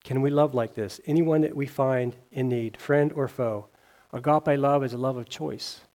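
A man preaching a sermon, reading scripture aloud and asking his listeners questions. He talks earnestly, lifting his voice on key phrases and letting it fall soft at the ends of lines. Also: steady tone, moderate pace. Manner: earnest, rising on scripture and dropping low at line ends; reads scripture aloud, with small slips and restarts.

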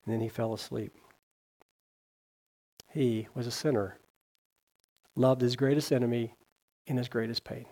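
A man preaching a sermon in a mellow, warm voice of middle pitch. He speaks earnestly, reads scripture aloud and poses questions to his listeners. He rises on key words and drops quiet at the ends of phrases. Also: steady tone, unhurried, pauses often. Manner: earnest, rising on scripture and dropping low at line ends; reads scripture aloud, with small slips and restarts.

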